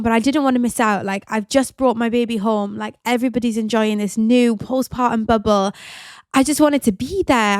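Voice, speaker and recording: A woman's voice: medium pitch, no room sound. Chatty woman, very dry sound. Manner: chatty and open, many "like" fillers. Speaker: podcast host. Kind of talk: candid personal storytelling.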